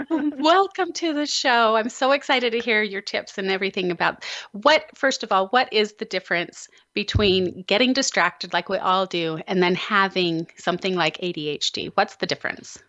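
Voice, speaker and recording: A woman hosting a radio talk show, telling a story with plenty of expressive energy. Her voice sits at an ordinary pitch. The sound is dull and lo-fi, with no room echo at all. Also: moderate pace. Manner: lively, animated storytelling. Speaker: host. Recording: dull, lo-fi dry recording.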